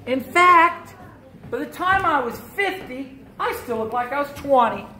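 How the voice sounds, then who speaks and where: A woman telling a story live in the first person and in character, animated and playful, voicing the other people in her tale. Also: high voice, a little slow. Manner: animated, playful, with voiced-out dialogue. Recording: echoey room with a live audience.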